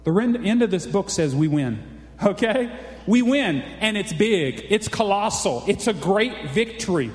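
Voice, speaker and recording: High, lively preacher man. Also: measured pace. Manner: folksy, exclamatory, keeps asking "Amen?". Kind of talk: sermon. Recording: echoey hall reverb.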